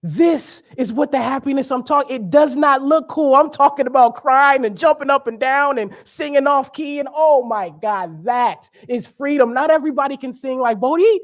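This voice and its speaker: A man's voice: very high voice, moderate pace, few pauses. A young man giving a sermon as a guest speaker, conversational and joking, with emphatic preaching.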